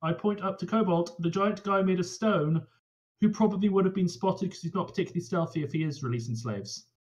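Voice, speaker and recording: A man's voice: high voice, brisk, darkish tone, muffled recording. A man playing a tabletop game, speaking eagerly and a bit hesitantly for his character. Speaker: player.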